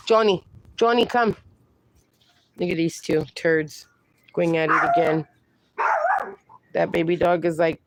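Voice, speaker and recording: A woman's voice: fairly low pitch, slow pace, long pauses, dry recording. A middle-aged woman hosting a casual livestream, reading viewer comments aloud and baby-talking to her dogs. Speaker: livestream host.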